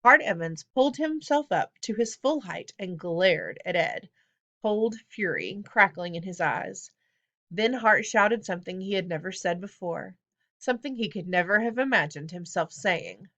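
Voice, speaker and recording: A woman reading a children's novel aloud as scripted narration, with expressive storytelling. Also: fairly low pitch, moderate pace, highs cut off. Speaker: audiobook narrator.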